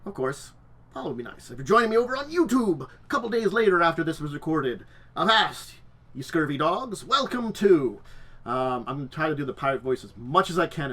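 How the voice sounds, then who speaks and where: A man's voice: a little high, a bit bright. A man hosting a tabletop lore stream, chatty and rambling, with frequent restarts. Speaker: host.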